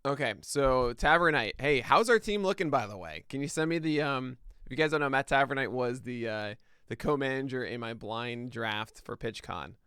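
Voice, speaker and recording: A man from the United States hosts a live morning podcast in a chatty, self-deprecating way, laughing at his own asides before he settles into a brisk rundown. His voice is smooth and clean, recorded close and dry at a streaming desk. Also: mid-range voice, sharp tone, no echo. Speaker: podcast host. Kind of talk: casual live-stream chat, then news rundown. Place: home studio, streaming live.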